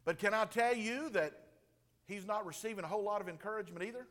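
A man preaching a sermon with animated delivery, dropping to a hush and then booming out. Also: fast talker. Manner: animated, swings from hushed to booming. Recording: long reverb of a large room.

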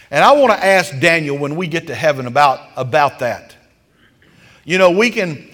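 A man's voice: on the high side, fairly bright tone. A man preaching a sermon as folksy, homespun storytelling, with emphatic swells of intensity. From rural countryside. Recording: long hall reverb.

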